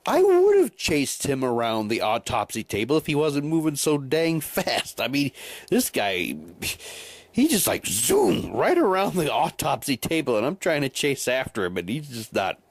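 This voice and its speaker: A man's voice: sing-song, unhurried, dry recording. A man casually recounting a haunted house night, rambling with many restarts and repeated words. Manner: drops to a quieter, lower voice for long stretches. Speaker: haunted house volunteer actor. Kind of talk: casual storytelling.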